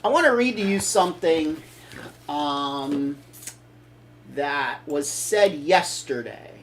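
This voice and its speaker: A man's voice: fairly high pitch, expressive, slow pace, a little hiss or hum. An older man hosting a casual opinion talk show, blunt and opinionated, rambling with restarts. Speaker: show host.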